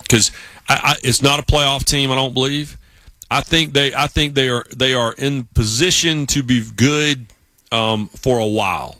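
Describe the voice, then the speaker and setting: A man with a pushed, bright, medium-pitched voice co-hosts a podcast in a casual, chatty way. He tells stories and acts out the voices of the people he quotes, and there's no room sound.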